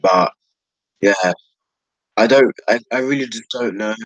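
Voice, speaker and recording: A man's voice: on the low side, unhurried, no room sound, low-quality recording. Young British man, stammering and rambling, dry close sound; casual vlogger venting. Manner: hesitant and rambling, stammering restarts. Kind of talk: casual vlog rant.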